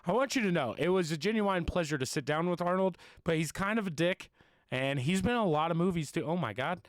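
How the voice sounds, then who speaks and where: A man's voice: on the high side, animated, fairly quick, dry recording. Brief: man, comedy podcast host, rambling banter, clean tone on a dry close mic. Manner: teasing, laughs often, rambling. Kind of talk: casual comedic chat.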